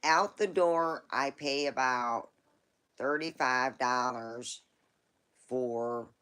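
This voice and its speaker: Slow-talking, rambling woman host. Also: very deep voice, fairly bright tone. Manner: rambling, folksy storytelling. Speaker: live-stream host. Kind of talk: casual live-stream chat.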